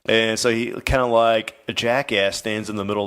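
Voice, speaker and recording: A man's voice: lowish voice, flat delivery, normal speed, fairly bright tone, clear, resonant tone. A man co-hosting a podcast, recounting a paranormal case in a rambling, casual way with lots of fillers and swearing. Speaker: podcast host. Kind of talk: casual storytelling podcast chat.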